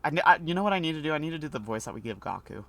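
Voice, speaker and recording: A man's voice: on the high side, very animated, racing, vocal fry, fairly bright tone. A man streaming a video game, reading the dialogue aloud and joking between lines. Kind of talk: let's play commentary.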